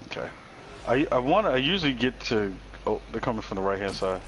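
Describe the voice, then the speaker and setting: A man playing a co-op game with a friend, relaxed and planning moves, retelling mishaps with amused disbelief. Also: medium pitch, fast talker, slight background noise, low-quality recording. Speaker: co-op player. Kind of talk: casual co-op gameplay chat.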